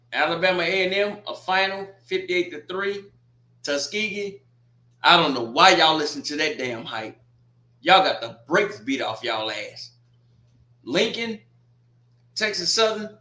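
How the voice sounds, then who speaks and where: Host: man, slow bright roomy delivery, blunt teasing score chatter. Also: high-pitched, animated. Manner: blunt, teasing trash talk. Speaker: watch party host. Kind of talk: casual score rundown and commentary.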